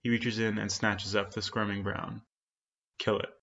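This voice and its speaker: A man reading a literary story in a measured, quiet way. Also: lowish voice, little pitch movement, gravelly. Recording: dull lo-fi sound.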